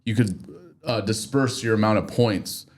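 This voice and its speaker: Male podcast host, slightly low voice, rambling casual chat. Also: normal speed, a little mellow. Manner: loose, rambling, self-correcting.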